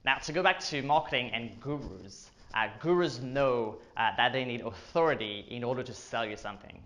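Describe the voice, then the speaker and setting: Casual male marketing vlogger, jokey asides, mid-pitched, echoey room. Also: moderate pace, pushed and bright. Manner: joking asides, filler-heavy. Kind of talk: casual explainer to camera.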